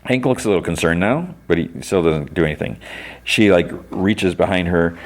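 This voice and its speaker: Deep-voiced man rambling through a recap. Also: expressive, moderate pace. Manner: rambling, with many "like"s and restarts. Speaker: podcast host. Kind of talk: casual plot recap.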